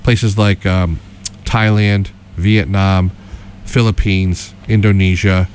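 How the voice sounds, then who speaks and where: A man's voice: sits low, fairly even intonation, slow pace, a little mellow, a little hiss or hum. A middle-aged man co-hosting a political radio show, talking casually and rambling with many restarts and fillers.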